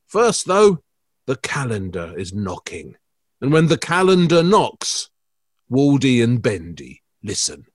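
A man co-hosting an art podcast, talking in a lively, jokey, slightly theatrical way. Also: mid-range voice, slow pace, no echo, studio quality. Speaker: podcast co-host. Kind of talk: casual chat.

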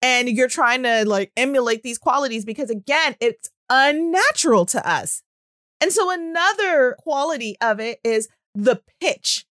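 A woman with a high, bright-pitched voice talks in a chatty, animated way as a speech-language pathologist. She explains things casually and fills her sentences with little fillers. The sound is dry and close, with no room echo. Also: normal speed. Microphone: audio-only recording.

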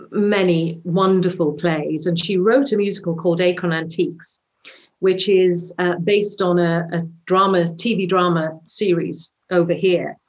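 A Welsh woman, a musical theatre actress, telling a story in a chatty interview full of ums. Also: on the low side. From Wales. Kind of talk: casual interview anecdote.

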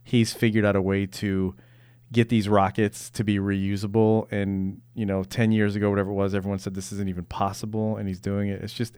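A man's voice: fairly low pitch, a little mellow, smooth, no room sound. A man hosting a podcast, a little congested from a cough, chatting casually and eagerly about tech news. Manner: enthusiastic, geeky. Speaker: podcast host.

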